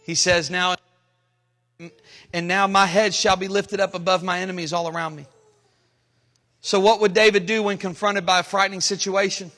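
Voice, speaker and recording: A man pastor preaching a sermon, rising into emphatic, dramatic lines and pausing between phrases. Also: high-pitched, little pitch movement, pushed and bright. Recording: long hall reverb.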